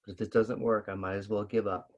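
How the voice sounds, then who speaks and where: A man voicing a small, anxious male scarecrow in a picture-book reading, speaking in a worried, soft way. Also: on the low side, little pitch movement, quick pace, a little hiss or hum, voice pushed down, natural voice.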